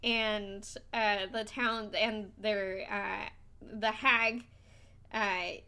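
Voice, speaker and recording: A woman narrating a tabletop game as game master, halting with many fillers and restarts. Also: mid-range voice, fairly even intonation, bright, forceful tone, clean tone.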